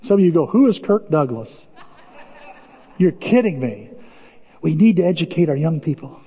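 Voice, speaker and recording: A male pastor preaching a sermon in a lively, animated way, acting out quoted voices. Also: normal speed, slightly rough, big-room sound, lo-fi sound. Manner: animated, acts out quoted voices with big pitch jumps.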